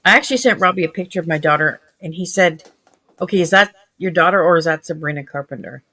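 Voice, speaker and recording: A woman speaking as a livestream guest, plain and matter-of-fact. Her voice sits low for a woman. The sound is dry, with no room around it. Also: fast talker, bright, forceful tone, no echo. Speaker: mother, stream guest. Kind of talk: casual livestream chat.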